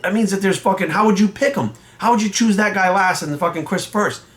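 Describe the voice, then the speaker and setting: Man, rapid-fire rant, swearing constantly, confrontational, slightly higher voice. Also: fairly bright tone. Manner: heated, profane, confrontational. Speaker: bodybuilding coach and judge. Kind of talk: profane ranting vlog monologue.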